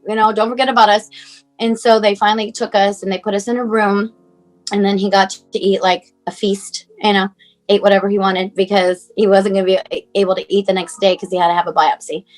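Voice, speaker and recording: A mother in her forties recounts a hard stretch of her son's life in a loose, rambling way, leaning on fillers and quoting the people she spoke with. Her voice sits at an ordinary middle pitch for a woman. Soft music plays faintly behind her. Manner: rambling, many fillers, acts out phone calls. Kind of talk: emotional personal storytelling.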